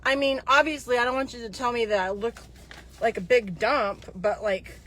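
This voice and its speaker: A woman in her fifties with a fairly high voice talks straight to her viewers in a loose, chatty monologue. She rambles, backs up mid-sentence and wanders off on side stories before pulling herself back to the point. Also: fairly even intonation, moderate pace, a bit bright. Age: 50s. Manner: rambling and chatty, with digressions and restarts.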